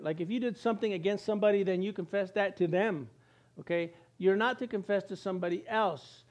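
A man with a notably high voice delivers a casual, lively sermon as a church pastor. He jokes along the way and briefly acts out the voices of the people he quotes. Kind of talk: conversational sermon.

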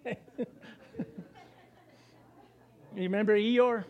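A middle-aged man preaching a sermon in church, animated and laughing, now and then mimicking gloomy complainers. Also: high voice, normal speed, highs cut off. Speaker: pastor.

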